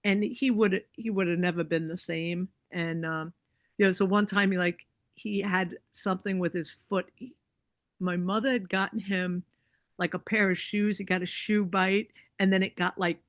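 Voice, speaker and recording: Here a podcast guest, a woman, spins a long personal tale in a lowish, steady voice at a normal speed, with no room sound. Likes and you-knows fill her chatty delivery, and she acts out the quoted voices of others. It's a casual storytelling chat.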